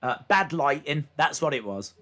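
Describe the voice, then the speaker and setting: High-voiced man calling wrestling moves. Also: expressive, normal speed, fairly bright tone. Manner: casual, frequent "uh" fillers, reads chat aloud. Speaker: watch-along streamer. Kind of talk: live play-by-play wrestling commentary.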